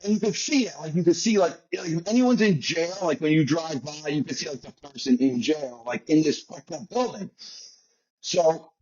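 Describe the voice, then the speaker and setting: Husky American man telling a rambling story. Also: on the high side, a little mellow, dull audio. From United States. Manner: rambling, profane, fast bursts. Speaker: guest. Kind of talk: casual storytelling.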